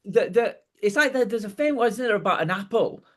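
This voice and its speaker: A man co-hosts a podcast in a casual chat, his voice notably high for a man. He talks supportively and rambles, restarting sentences as he gathers his thoughts. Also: lively intonation, a little fast, fairly bright tone. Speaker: podcast co-host.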